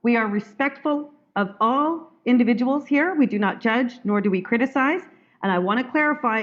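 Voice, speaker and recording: Blunt woman hosting a group call. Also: medium pitch. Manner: blunt, firm, rambling with restarts. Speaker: call host. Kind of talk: group video call talk. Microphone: video call. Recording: dull lo-fi call audio.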